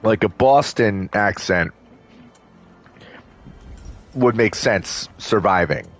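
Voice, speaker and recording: A man's voice: fairly low pitch, slow, a bit bright, faint music behind. A man casually commenting while playing a video game, rambling with lots of fillers and restarts. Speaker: video game let's-play host.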